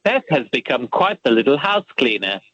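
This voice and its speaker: A man's voice: medium pitch, big pitch swings, moderate pace, fairly bright tone. A man doing an impression of a crude, smug male TV judge, trading vulgar taunts, heard in a dull lo-fi radio clip. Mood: snide mocking. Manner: snide, boastful, vulgar taunts.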